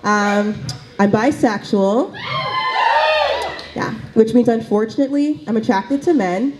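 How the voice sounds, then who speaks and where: A woman's voice: a little high, a little slow, raised voice, heavy background noise. A woman doing a stand-up comedy set in a small cafe, chatty and full of fillers and asides.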